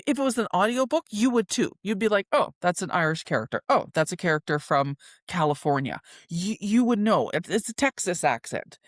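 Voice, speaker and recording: A woman's voice: mid-range voice, dry recording, studio quality. A woman hosting a solo podcast, talking casually and self-deprecatingly about her writing, with filler words and restarts. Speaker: podcast host and indie author.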